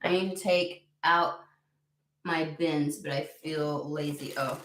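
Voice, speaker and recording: Rambling through a tarot reading, this US woman talks casually, drifts off topic easily, and curses occasionally. She has a low, fairly bright voice with fairly even intonation and a slow pace, recorded in a room with echo.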